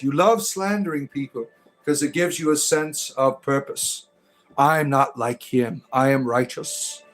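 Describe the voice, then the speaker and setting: Combative man ranting on a livestream. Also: on the high side. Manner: combative, mocking, repeatedly says "right?". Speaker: livestream host. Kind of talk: livestream chat reading.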